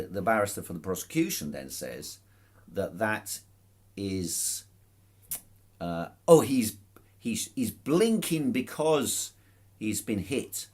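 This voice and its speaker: Deep-voiced amused man telling a story. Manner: amused, chuckling, with frequent restarts. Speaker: protester recounting a court case. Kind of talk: casual spoken account to camera.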